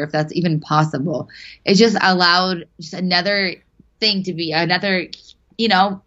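Chatty young woman, slightly low voice. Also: fairly bright tone. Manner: chatty, laughing, swears casually. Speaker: podcast guest. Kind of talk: casual chat. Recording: dull lo-fi sound.

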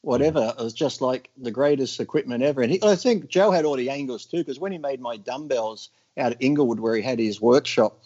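Animated storytelling man, lo-fi sound. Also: mid-range voice, fairly quick, slightly rough. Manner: animated, acts out others' lines in loud bursts. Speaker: podcast guest. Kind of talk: casual storytelling chat.

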